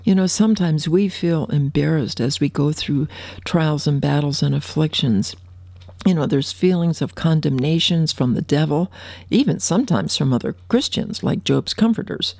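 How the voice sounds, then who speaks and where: A woman preaching a radio sermon, fervent and affectionate, reading scripture slowly. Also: sits low, gravelly, darkish tone, dry recording.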